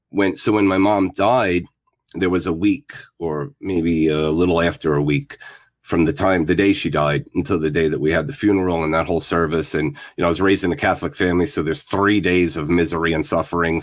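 Deep-voiced man in his fifties. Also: dry recording. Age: 50s. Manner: plain-spoken, reflective, with frequent fillers. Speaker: guest. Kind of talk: candid personal storytelling.

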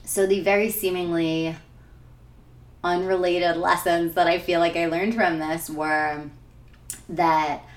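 A woman's voice: sits low, reverberant. A young woman podcaster talking candidly and searchingly to herself, with many fillers and a tearful edge at times. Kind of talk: personal reflective monologue.

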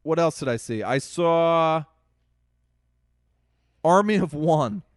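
A man's voice: fairly high pitch, animated, takes it slowly, no echo, studio quality. A man co-hosting a podcast, talking casually, cursing freely, and telling stories to listeners he calls folks. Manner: profane, storytelling, addresses listeners as folks. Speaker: podcast co-host. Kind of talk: casual chat.

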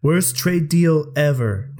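A man's voice: on the high side, animated, slow pace, a little mellow. A man co-hosting a podcast, swearing freely and exasperated, laughing often as he talks about a movie. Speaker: podcast co-host. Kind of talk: casual movie discussion.

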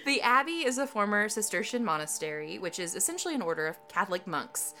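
A woman co-hosting a podcast, reading history facts in a lively way with jokey asides and laughter. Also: mid-range voice, fast talker, a little hiss or hum. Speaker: podcast co-host. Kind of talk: casual scripted podcast chat.

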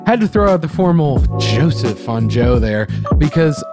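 A man co-hosting a music podcast, chatting casually and telling stories with lively acted-out quotes. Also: on the high side, normal speed. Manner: animated storyteller, acts out voices of others. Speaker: podcast co-host. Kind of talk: casual chat.

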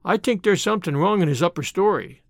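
A man's voice: high-pitched, lively intonation, fast, vocal fry, dry recording, studio quality. A man putting on a gossiping maid. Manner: thick dialect, dropped th sounds. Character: blunt, gossiping young hired girl.

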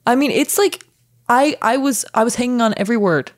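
A woman co-hosting a podcast, recapping fast in casual chat and giggling. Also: fairly high pitch. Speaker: podcast co-host.

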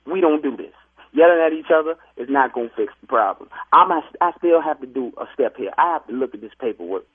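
A man on the phone playing a funeral home worker, defensive and exasperated as he tries to calm an angry caller. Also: medium pitch, quick pace, breathy edge. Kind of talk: comedic phone argument. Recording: phone line.

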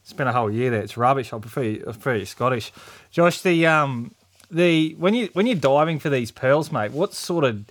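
A man's voice: mid-range voice, animated, moderate pace. Guy cohost, teasing, blunt banter, mid voice. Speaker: co-host. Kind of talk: casual interview.

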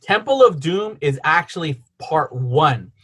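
A man's voice: fairly high pitch, animated, a little slow, fairly bright tone. A man with a Chicano English accent co-hosting a podcast in casual chat, laughing often and slipping into playful impressions. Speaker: podcast co-host.

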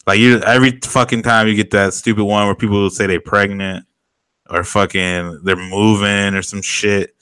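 A young man co-hosting a casual podcast chat, slangy and laid-back, often trailing off into a low mumble. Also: little pitch movement, normal speed, fairly bright tone, clean tone, no room sound. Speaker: podcast co-host.

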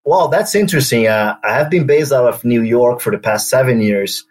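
A man speaking as a guest on a podcast, explaining in a relaxed way with some hesitations. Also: medium pitch, moderate pace. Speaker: podcast guest, company co-founder. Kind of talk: conversational podcast interview.

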